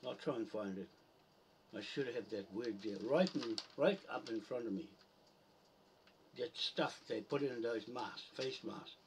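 A man's voice: mid-range voice, a little slow, slight background noise. Rambling, swearing man, distant mic. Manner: angry, swearing, rambling, mutters to himself while searching. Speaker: video poster. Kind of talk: rambling rant to camera.

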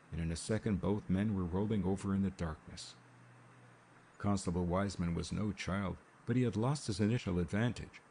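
A man narrating a mystery novel in a measured, steady audiobook reading. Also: fairly low pitch, vocal fry, a little hiss or hum. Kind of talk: scripted narration. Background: rain sounds.

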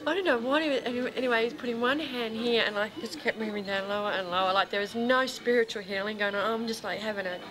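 Woman, fairly high voice, improvised casual storytelling, laughs a lot. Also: fairly even intonation, quick pace, hardly any pauses. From Australia. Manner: chatty, laughs through her story, imitates others. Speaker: improvising actor telling an anecdote.

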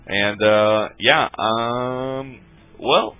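A man's voice: mid-range voice, steady tone, very slow. A man casting a live video game match in a casual, laid-back way, laughing often and swearing now and then. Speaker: esports caster. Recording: tinny phone-like stream audio.

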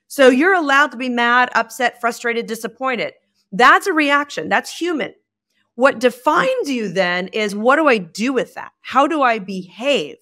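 A woman guest in a podcast conversation, speaking expressively and acting out bits of dialogue. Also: a little slow. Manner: expressive, acts out dialogue with shifting pitch. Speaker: guest, communication expert.

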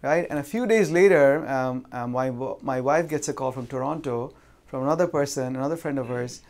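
A man's voice: medium pitch, darkish tone. A man giving a seminar talk, telling a personal story conversationally and often ending sentences with "right?". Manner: pauses and restarts with fillers. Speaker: seminar speaker on insurance and real estate. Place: lives in Vancouver.

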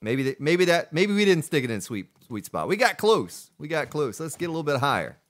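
Male game streamer, raised pitch, swings up and down a lot, playful, chatty with viewers. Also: sing-song, a little fast. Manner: playful, jokey, talks to chat and thanks donors. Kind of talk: live gameplay commentary.

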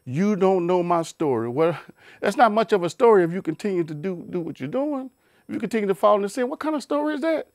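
A Bible teacher with a somewhat high voice gives an informal, conversational sermon, recorded close and dry with no echo or room sound. Animated and quick, he is emphatic and repetitive, restarts often and asks his listeners pointed rhetorical questions.

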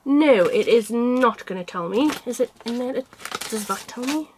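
A woman with a bright, high speaking voice chats to camera about her cross-stitch work. She teases herself and laughs often, and she is getting over a cold. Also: animated, normal speed, a little hiss or hum. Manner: chatty and self-mocking, laughs often. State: unwell with a cold. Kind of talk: casual chat to camera.

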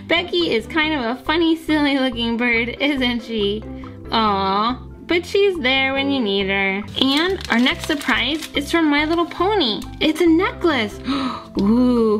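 A woman narrating a toy unboxing for children, gushing and gasping sweetly at each surprise. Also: high voice.

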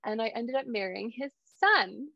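On a video call, a woman in her thirties who works as a hypnotherapist shares a personal story as a guest speaker, performing the quoted lines. Her fairly high, creaky voice is expressive and moves at a normal speed, and the audio is dry and muffled.

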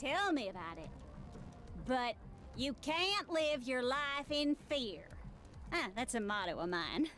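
A woman's voice: high-pitched, big pitch swings, slow pace, a bit bright, faint music behind, exaggerated voice. An actress playing a brash, glamorous female TV news reporter who calls people sugar and honey. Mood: chatty. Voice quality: flirty, brassy, calls others sugar and honey.

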